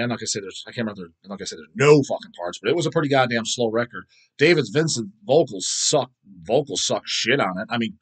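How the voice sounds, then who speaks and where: A man with a husky, somewhat breathy voice at an ordinary pitch rants casually about music on his own show. He talks bluntly, swears constantly and rambles through restarts and asides. He is recorded on a phone. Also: a bit bright. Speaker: host answering viewer questions. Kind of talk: casual profane rant.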